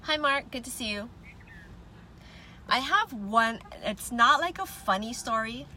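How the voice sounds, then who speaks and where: A woman's voice: on the high side, expressive, a little slow, bright, forceful tone. A woman chatting casually with viewers on a livestream from her car, greeting them and laughing often. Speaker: livestream host. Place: parked car with windows down. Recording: faint traffic noise through open windows.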